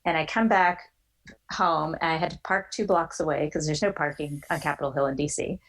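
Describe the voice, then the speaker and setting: Animated woman telling a personal story. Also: deep voice, a little fast, rough recording. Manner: animated storyteller, acts out quoted voices. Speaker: guest.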